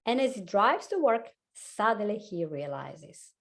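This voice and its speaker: Italian lady coach chatting quick, voice bouncing all over, laughs a lot. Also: mid-range voice, gravelly. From Italy. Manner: fast, animated, laughs often. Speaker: guest, hypnotherapist and life coach. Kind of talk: casual chat.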